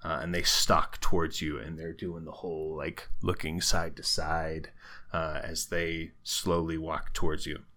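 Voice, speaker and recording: A man narrating as game master of a tabletop game, who explains rules in a relaxed way with many fillers. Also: very deep voice, measured pace.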